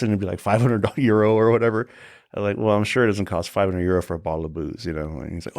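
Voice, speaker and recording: A man's voice: lowish voice, quick pace, a little mellow, dry recording, clean studio sound. A man in his forties, a guest on a podcast, telling casual anecdotes with lots of swearing, acting out quotes and laughing often. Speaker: guest, tour security guard.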